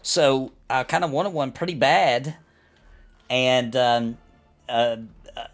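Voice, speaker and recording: A man in his thirties hosting a casual gaming chat, telling an anecdote in an animated way, often tossing in "you know what I mean.". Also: medium pitch, slow pace, faint music behind. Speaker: host.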